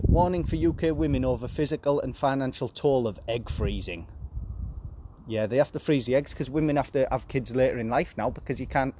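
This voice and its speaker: A man in his forties reads out news headlines in a loose, casual podcast. His voice sits in an ordinary middle pitch, and he drops flat, sarcastic remarks after each story. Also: a little hiss or hum. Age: 40s. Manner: deadpan, sarcastic asides on headlines. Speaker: podcast host.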